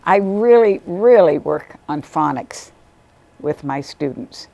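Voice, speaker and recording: A woman, a volunteer literacy tutor, telling stories about her students in a lively interview, sometimes acting out what they said. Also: takes it slowly, creaky, dry recording. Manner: animated, acts out quotes in a higher voice. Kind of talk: storytelling interview.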